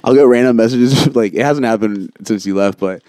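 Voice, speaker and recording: A man's voice: mid-range voice, mellow, dry recording, clean studio sound. A young man in casual chat, laughing often and swearing as he jokes. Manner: laughing and profane, quick to joke.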